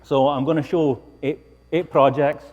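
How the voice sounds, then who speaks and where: A man's voice: fairly high pitch, fairly even intonation, moderate pace, darkish tone, dull audio. A man with a Scottish accent giving a public lecture, with wry, self-deprecating humor. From Scotland. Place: lecture hall. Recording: reverberant lecture hall.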